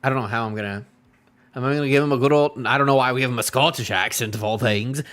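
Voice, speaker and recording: A medium-pitched man talking at a normal speed pauses often while reacting to a manga chapter on a casual live stream. He rambles with animation and talks to his chat throughout.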